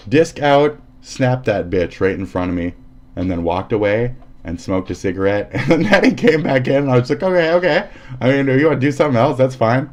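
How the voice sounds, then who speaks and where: A man's voice: fairly low pitch, a little mellow. A man ranting casually on a live stream, profane and heated, often laughing and acting out quotes.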